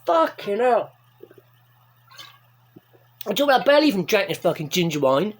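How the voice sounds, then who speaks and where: A man, telling a sweary, excitable rant to camera as a vlogger. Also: high-pitched, fairly quick. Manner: sweary, excitable, animated storytelling. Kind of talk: ranting story to camera.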